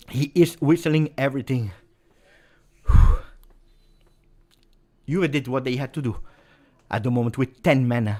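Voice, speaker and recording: A man hosts a live football reaction stream, commenting play by play. He talks in a mid-range voice and is very animated, dropping to low muttering and then breaking into shouts. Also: a little slow, long pauses. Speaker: live match watch-along host.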